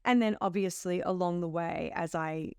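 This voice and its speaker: Smooth-voiced Australian actress in an interview. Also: female voice, fairly low pitch, moderate pace, no room sound, clean studio sound. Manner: warm storytelling with playful quoted asides. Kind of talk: casual interview chat.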